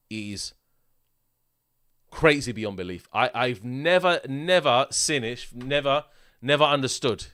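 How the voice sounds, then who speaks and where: A man hosting a casual football preview, animated and repetitive, ending lines with "mate" and "yeah?". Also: mid-range voice, dry recording, clean studio sound. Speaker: football channel host.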